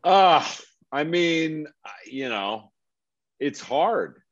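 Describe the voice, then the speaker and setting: A man answering interview questions in a relaxed, enthusiastic way, halting with fillers. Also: a little high, no echo, dull audio. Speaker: actor being interviewed.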